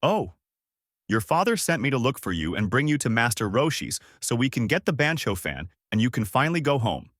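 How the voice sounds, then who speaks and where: A man's voice: medium pitch, very animated, a little fast, a bit bright, no room sound. A cheerful, naive young fighter boy, read out by a man. He speaks simply and earnestly, and his voice rises and falls a lot. The sound is dry and close.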